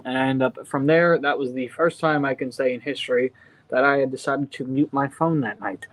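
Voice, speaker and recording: A man's voice: on the high side, steady tone, normal speed, no echo, low-quality recording. A man co-hosting a casual cooking podcast, telling a long story with lots of fillers and restarts. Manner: rambling storyteller with many fillers. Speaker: podcast co-host. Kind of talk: casual chat.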